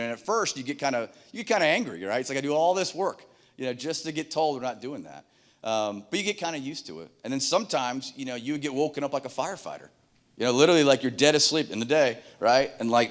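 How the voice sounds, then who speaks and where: Brief: middle-aged male keynote speaker on stage, rapid and animated, spins combat anecdotes and acts out the dialogue, mid-pitched voice. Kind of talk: keynote storytelling. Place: conference stage.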